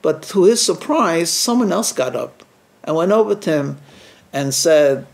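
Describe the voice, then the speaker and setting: A man with a high voice tells a story from the pulpit as a rabbi. He talks with animation and slips into the voices of the people in his story. His delivery is that of a weekly storytelling sermon. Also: a little slow, vocal fry. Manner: lively teller who acts out quoted speech.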